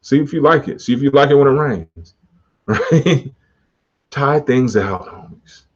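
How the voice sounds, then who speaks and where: A man's voice: medium pitch, animated, moderate pace. A man hosting his own podcast, talking casually and motivationally in slang, often laughing. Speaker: podcast host. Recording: dull muffled podcast audio.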